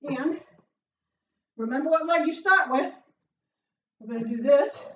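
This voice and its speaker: High-voiced woman coaching a workout, out of breath, whooping, slow steady talk, echoey little room. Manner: upbeat, cheering with loud whoops, breathless between exercises. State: out of breath from exercising. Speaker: fitness instructor. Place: small closed room at home. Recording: roomy, distant, dull sound.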